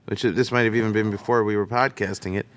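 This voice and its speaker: A man telling a story as an interview guest in a casual, animated way, slipping into the voices of the people he quotes. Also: fairly low pitch, fast.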